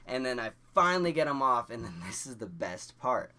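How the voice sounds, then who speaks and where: A man's voice: medium pitch, brisk. A young man telling a story to camera in a casual, rambling way, full of "like" fillers and restarts. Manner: animated, laughing through the story. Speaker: vlogger.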